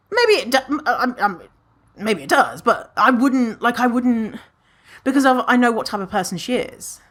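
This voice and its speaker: A woman hosting her own podcast, chatting casually with a lively, swooping voice. She swears freely and laughs at her own remarks. She keeps things loose and animated and acts out what she imagines others think. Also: medium pitch. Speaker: podcast host. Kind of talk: casual solo podcast talk.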